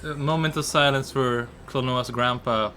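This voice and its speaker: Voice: mid-range voice, steady tone, moderate pace, pushed and bright, soft background music. A person chatting casually while playing a game on stream, rambling easily and chuckling. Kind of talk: casual chat.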